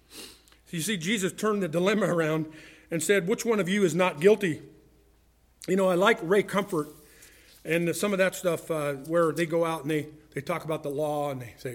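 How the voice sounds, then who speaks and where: A male pastor preaching a sermon, acting out courtroom exchanges and moving between loud bursts and quiet asides. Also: high-pitched, brisk.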